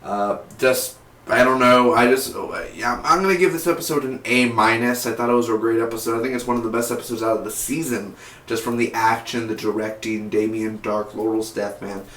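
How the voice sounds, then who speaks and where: Excitable slangy young man reviewing TV. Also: medium pitch, brisk, a little hiss or hum. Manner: excitable, slangy, says "man" and "dude" a lot. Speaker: TV episode reviewer. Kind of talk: casual review vlog. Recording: roomy echo.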